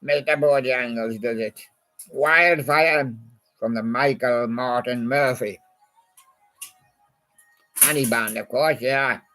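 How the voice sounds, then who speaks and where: A man's voice: medium pitch, slow, long pauses, pushed and bright, faint music behind. A man in a rambling, casual monologue, reminiscing about old songs and chatting to a toy badger. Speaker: channel host.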